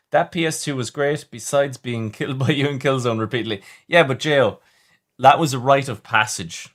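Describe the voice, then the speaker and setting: A man's voice: mid-range voice, moderate pace, fairly bright tone. A man hosting a casual livestream, chatting with viewers in a rambling way, often stumbling and restarting. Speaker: livestream host reading chat.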